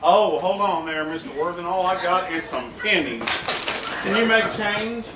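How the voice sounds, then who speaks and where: A man's voice: sits high, normal speed, lightly acted. An actor playing a goofy, overly agreeable hillbilly man from Alabama, folksy and laughing. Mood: amazed. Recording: echoey room from a far camera with hiss.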